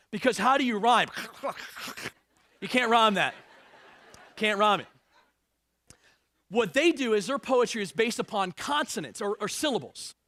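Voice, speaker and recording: A male pastor preaching a sermon, lively and joking, reading scripture aloud with rising emphasis. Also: high voice, no echo, clean studio sound.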